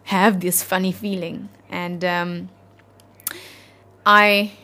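A South African woman in her thirties, an interview guest telling a personal story in an earnest, halting, heartfelt way. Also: fairly low pitch, level tone, pushed and bright.

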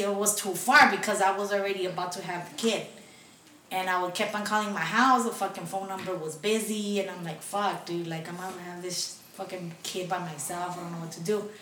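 A woman's voice: mid-range voice, fairly even intonation, normal speed, bright, forceful tone, far from the mic. A young woman telling a personal story to friends, swearing often and slipping between English and Spanish. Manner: profane, mixes English and Spanish. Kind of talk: casual storytelling among friends. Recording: echoey room, off-mic, faint noise.

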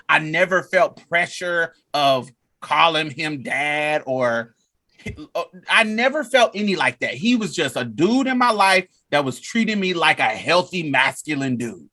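Male, 40s; high, bright tone; animated casual storyteller. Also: a little slow. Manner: animated, laughs often, acts out quotes.

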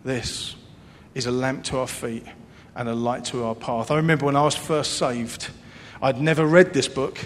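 A man preaching a sermon in an earnest way, repeating phrases and swinging between loud emphasis and hushed, soft passages. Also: steady tone, moderate pace, hardly any pauses. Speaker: pastor. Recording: long hall reverb with faint low rumble.

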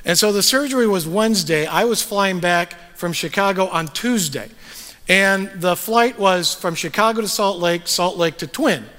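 A pastor preaches to his congregation in a high-pitched, fairly bright voice, the church sanctuary giving it a long reverb tail. His sermon is conversational and story-driven, sprinkled with fillers.

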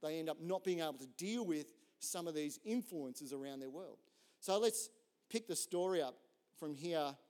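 A man, a pastor telling a story in a relaxed, conversational sermon and joking with the audience. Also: on the high side, normal speed. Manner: relaxed, chatty, jokes with the audience.

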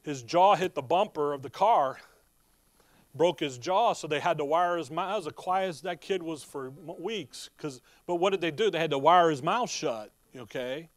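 A man's voice: fairly high pitch, normal speed, no room sound. A man preaching a sermon in a folksy, emphatic way, reading scripture and asking his congregation rhetorical questions. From Midwestern United States. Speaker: pastor.

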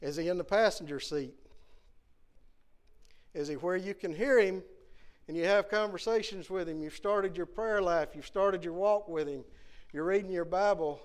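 In a church sanctuary on Sunday morning, a guest preacher with a high voice delivers his sermon at a normal speed. He earnestly poses question after question to the congregation, leaving long pauses.

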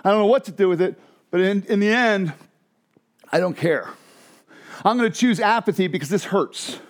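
A man's voice: high-pitched, normal speed, lightly acted. A man voicing a weary, apathetic male churchgoer who wants to be left alone, in a whiny, defensive caricature.

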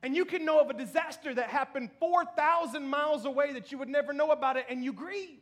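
He's a pastor in his thirties giving a sermon in church, speaking quickly in a very high-pitched voice with a fairly bright tone. Chatty and self-effacing, he laughs often and keeps saying "you know what I mean."

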